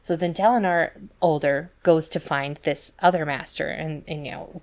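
Low-voiced woman telling a rambling story. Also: moderate pace, a little mellow. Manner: chatty storytelling full of fillers and asides; acts out quoted voices in retellings. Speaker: podcast co-host. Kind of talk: casual chat.

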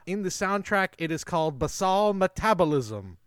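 A man co-hosting a casual film podcast, recapping plots with quick laughs. His voice sits a little high and swings widely in pitch. The sound is dry and close. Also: clear, resonant tone, no room sound. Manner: lively, laughs often, recaps the plot. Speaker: podcast co-host.

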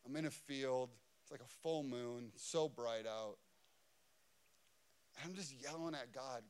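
A man preaching a sermon as pastor, impassioned and building to loud, high emphasis on key phrases. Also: slow pace, long pauses, clean tone. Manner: impassioned, rising in pitch and volume for emphasis.

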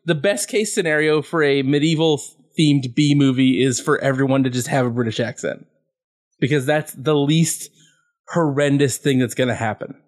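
A man's voice: mid-range voice, moderate pace. A man co-hosting a podcast, recapping a movie in casual, sarcastic, profane chat and laughing often. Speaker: podcast co-host.

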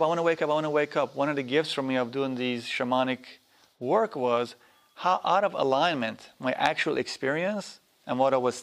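A man with a gravelly, creaky voice and a mid-range pitch leads a spiritual workshop. He talks loosely and swears freely. He slips into little voices when he tells his stories. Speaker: workshop teacher. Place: workshop hall.

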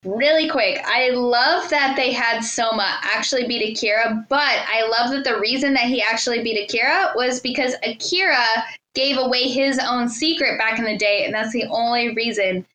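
Bright, excitable young woman in echoey room. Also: a little high, moderate pace. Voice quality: excitable, gushing. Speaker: podcast co-host. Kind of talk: casual anime fan chat.

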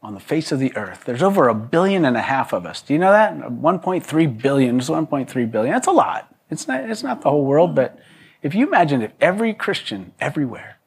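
A man's voice: on the high side, big pitch swings, a little fast, breathy edge. A man preaching to a congregation in a loose, conversational way, with joking asides and frequent restarts. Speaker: pastor. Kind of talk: conversational sermon.

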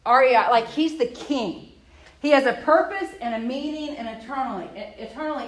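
A woman's voice: fairly high pitch, rough recording. Woman teaching a Bible study. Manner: conversational, spells words out, restarts sentences. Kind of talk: casual teaching talk.

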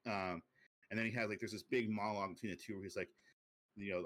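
A young man casually chatting on a podcast, pitching a movie sequel in a rambling way full of fillers. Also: fairly even intonation, fast. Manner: rambling storytelling with many fillers, drops low and quiet for quoted lines. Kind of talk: casual chat.

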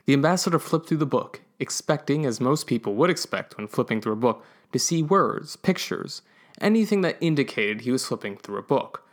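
A man's voice: medium pitch, expressive, brisk. Playful male podcast storyteller. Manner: playful narration. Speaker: podcast host and writer. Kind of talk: story reading.

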